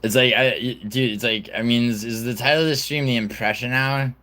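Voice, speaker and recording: A man's voice: medium pitch, fairly even intonation, brisk, pushed and bright, a little hiss or hum. A man hosting a casual livestream, rambling and swearing, full of fillers and restarts. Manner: reads news reports aloud. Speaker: livestream host.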